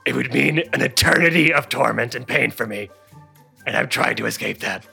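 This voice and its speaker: A man voicing a fiendish male spirit trapped in a pet, begging in a low, hushed, gravelly voice during a tabletop game. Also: moderate pace, faint music behind, full character voice. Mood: pleading. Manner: pleading, desperate. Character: fiendish male spirit possessing a hamster, pleading. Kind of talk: tabletop role-play voice.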